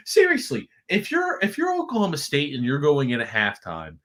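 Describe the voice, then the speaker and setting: Man, podcast co-host, excitable, bright lively voice, casual game chat. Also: moderate pace, hardly any pauses. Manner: excitable, rising to high-pitched outbursts.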